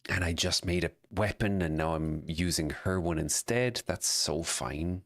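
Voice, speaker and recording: Low-voiced man streaming a game. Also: measured pace. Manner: chatty, explains story lore while playing. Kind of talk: casual gaming commentary.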